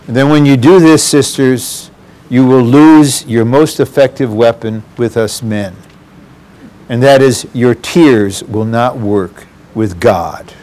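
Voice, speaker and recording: A man's voice: medium pitch, slow pace, a little mellow. A man preaching a sermon, earnest and addressing the congregation directly.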